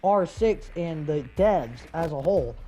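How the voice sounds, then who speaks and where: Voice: mid-range voice, lively intonation, measured pace, dark tone, rough recording. Young gamer host, profane and rambling. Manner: profane, rambling, with many fillers and restarts. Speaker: gaming video host. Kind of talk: casual ranting commentary.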